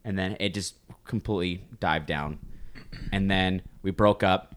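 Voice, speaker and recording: Deep-voiced young man telling a story. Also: measured pace, slight background noise. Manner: loose, profane, rambling with many "like"s. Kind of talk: casual storytelling chat.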